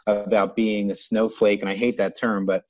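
A man's voice: lowish voice, level tone, normal speed, no echo, muffled recording. An American man talking through his views in a loose, reflective way, with many restarts and fillers. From United States. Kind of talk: casual conversation.

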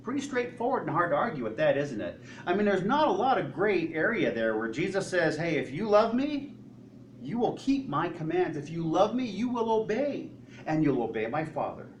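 Animated preacher man in an echoey room. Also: a little high, moderate pace, distant mic, a little hiss or hum. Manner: animated, asks the congregation questions, acts out quoted voices. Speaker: pastor. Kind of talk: sermon.

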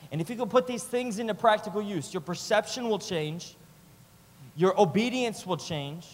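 A man preaching a sermon with passion, swinging between loud urging and quiet, close moments, using repetitive rhythmic phrasing. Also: sits high. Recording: long hall reverb.

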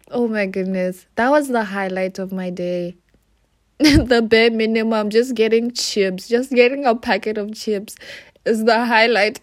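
A woman's voice: medium pitch, a little mellow. A young woman hosting a casual solo podcast into her phone, chatty and self-mocking, laughing often. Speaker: podcast host.

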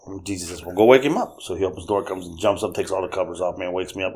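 A man's voice: low voice, racing, darkish tone. A man in his fifties on a podcast, telling casual family stories and acting out the voices with a laugh. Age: 50s. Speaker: podcast host. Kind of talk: casual storytelling chat.

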